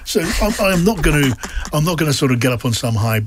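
A man's voice: a little high, big pitch swings, quick pace, slight background noise. A man from South London hosting a radio talk show, chatty and self-deprecating. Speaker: host.

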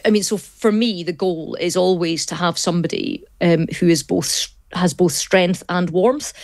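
A woman politician answering interview questions briskly, often repeating words as she starts a point. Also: on the low side, dry recording. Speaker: politician guest.

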